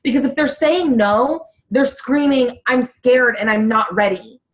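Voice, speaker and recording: Young woman, fitness coach on a team call; fairly high voice, earnest, fast bursts of words. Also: rough recording.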